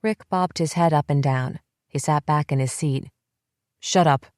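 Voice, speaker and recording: A woman reading a psychological thriller audiobook in steady, measured first-person narration. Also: low voice, no echo, studio quality.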